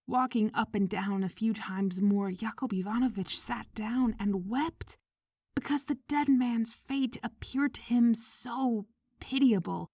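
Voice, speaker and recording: Slow, measured woman reading a story. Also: a little high, darkish tone, no room sound, studio quality. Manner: measured, drops to a whisper. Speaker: audiobook reader. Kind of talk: scripted audiobook narration.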